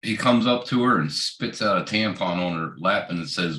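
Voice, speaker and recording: A very deep-voiced man with a forceful, bright tone, talking crudely in an echoey room. He swears heavily and throws in short agreeing replies. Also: expressive, moderate pace. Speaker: livestream co-host. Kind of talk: casual chat.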